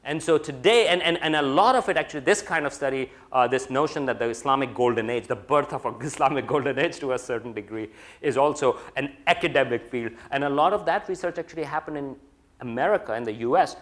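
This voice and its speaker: A man's voice: mid-range voice, fairly bright tone. A man giving an academic lecture, talking in a discursive way with many fillers and restarts. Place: lecture room.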